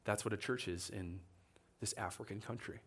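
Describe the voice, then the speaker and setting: A man with a lowish voice preaches a sermon in church at a normal pace. He tells a story with real animation, performing the voices of the people in it.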